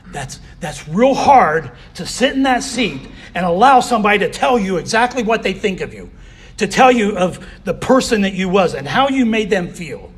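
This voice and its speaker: A man's voice: sits high, breathy edge. A man giving a candid personal recovery share as a convention speaker, often saying "you know".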